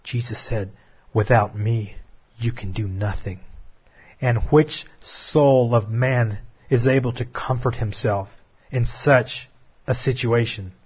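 A man preaching a dramatic sermon, swinging between hushed, slow passages and raised, urgent ones. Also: medium pitch, slightly rough. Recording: dull lo-fi recording.

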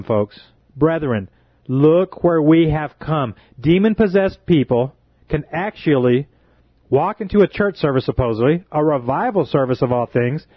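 A man's voice: on the high side, no echo, dull audio. A man preaching with fervent indignation, drawing out his phrases for emphasis.

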